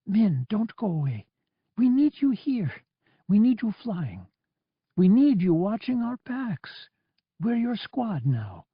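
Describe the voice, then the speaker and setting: A man's voice: high-pitched, big pitch swings, slow, husky, no echo, dull audio, pitched above the performer's own voice, exaggerated voice. A man reading an audiobook, raising his voice to play a young woman pilot who pleads, worried and angry. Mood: urgent. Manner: pleading and insistent.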